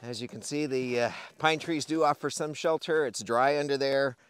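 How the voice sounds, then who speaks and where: A man's voice: medium pitch, moderate pace, a little hiss or hum. A man on a homestead, casually chatting on camera while tending animals outdoors in the snow, easygoing and joking. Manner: easygoing, talks gently to animals, tells dad jokes. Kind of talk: casual farm vlog chat. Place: outdoors on a snowy farm.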